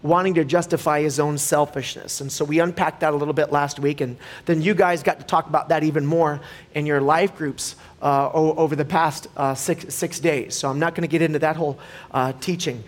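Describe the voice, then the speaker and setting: A man preaching a relaxed sermon as a pastor, telling stories casually with frequent restarts and growing animated in anecdotes. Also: a little high, brisk. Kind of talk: conversational sermon.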